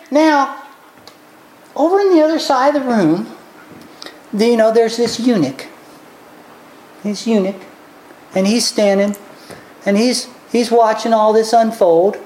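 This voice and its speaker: Slow, animated woman preaching in an echoey room. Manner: animated, acts out characters with big pitch swings. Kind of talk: sermon storytelling.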